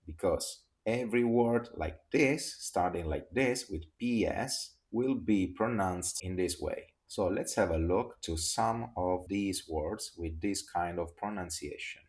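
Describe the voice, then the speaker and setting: Man, Italian accent, language teacher, very deep voice, unhurried. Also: a little mellow. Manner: slow, drills words for repetition. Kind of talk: pronunciation lesson.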